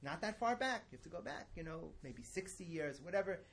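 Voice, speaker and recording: Brisk and expressive, this middle-aged man speaks in a slightly high, somewhat bright voice. He teaches a religious lesson lecture-style, staying conversational while digressing and driving points home emphatically.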